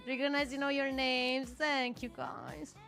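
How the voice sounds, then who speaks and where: Woman, high voice, emotional live-stream chat, gushing, laughing through tears, faint music behind. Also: fairly even intonation, a little slow, a bit bright. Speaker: guest receiving a gift.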